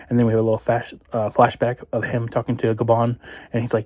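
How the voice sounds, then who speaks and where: A man's voice: mid-range voice, level tone, brisk, dark tone, no echo. A man giving a casual, rambling recap of a manga chapter, stringing events together with lots of fillers. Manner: many fillers (uh, um, like). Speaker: manga reviewer.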